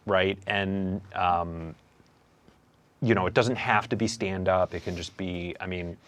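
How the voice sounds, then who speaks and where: Young male comedian-host, low-pitched, thoughtful and halting, casual interview talk. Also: steady tone, fairly bright tone. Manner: reflective, hesitant, many fillers and restarts.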